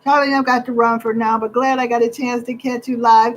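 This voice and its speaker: Bubbly high-voiced woman chatting live. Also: level tone, brisk, hardly any pauses, poor audio. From Michigan, USA. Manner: upbeat, chatty, reads out viewer comments. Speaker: livestream host. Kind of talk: casual live chat with viewers.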